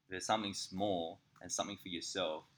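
A man, co-hosting a casual podcast and telling candid, sweary stories with lively impressions. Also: low-pitched, a little fast. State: slightly sick. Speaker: podcast co-host. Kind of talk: casual chat.

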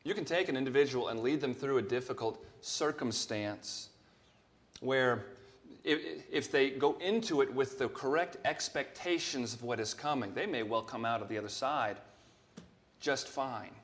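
A pastor delivering a Sunday sermon in a plain, mid-pitched male voice. He speaks earnestly and at a measured pace, lifting his voice to stress quoted scripture. The delivery sounds steady and unhurried. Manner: earnest preaching, rising in emphasis on quoted scripture.

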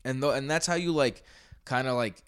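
Excitable man hosting a sports podcast. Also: mid-range voice, brisk, clear, resonant tone. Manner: excitable, rambling, many restarts. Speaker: podcast host. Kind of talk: casual sports podcast chat.

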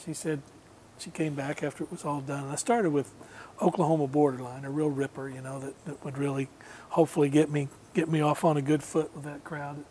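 A man, a guest musician, telling a long anecdote in relaxed, rambling conversation, laughing now and then. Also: on the high side, a little fast, few pauses, a little hiss or hum. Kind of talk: casual storytelling.

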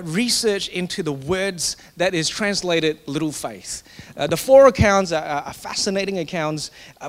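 A man's voice: high-pitched, a bit bright. A man preaching a sermon in a conversational, joking way, often restarting his sentences. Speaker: pastor.

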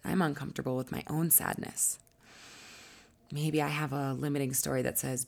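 A woman coach with a low, husky voice and a gravelly fry, speaking in a teaching monologue. She explains ideas at length and sometimes slips into soft, breathy asides. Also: little pitch movement, moderate pace. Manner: acts out quoted voices, drops to soft asides.

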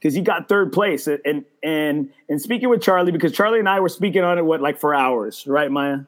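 A man's voice: on the high side, fairly quick. A man hosting a casual podcast, telling a story with lots of swearing and stumbling restarts. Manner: storytelling with profanity and repeated restarts; quotes others in a mocking voice. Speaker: podcast host. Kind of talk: casual chat.

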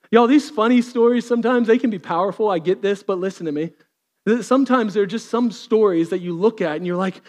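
A man, preaching a sermon, swinging from lively storytelling to quiet intensity. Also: high voice, long reverb tail. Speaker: pastor.

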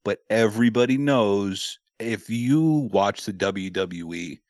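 A man with a lowish voice trades quips in loose, profane podcast banter. He sounds close and dry, with no room around him. His talk is quick with jokes and throws in swearing. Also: darkish tone, no room sound. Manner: joking, profane, quick with wisecracks. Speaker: podcast co-host. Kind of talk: casual chat.

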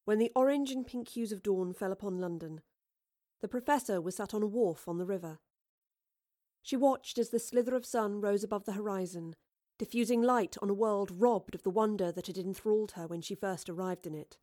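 A woman's voice: medium pitch, dry recording, studio quality. Woman reading a novel aloud. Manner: steady, measured reading. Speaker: audiobook narrator. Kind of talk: scripted narration.

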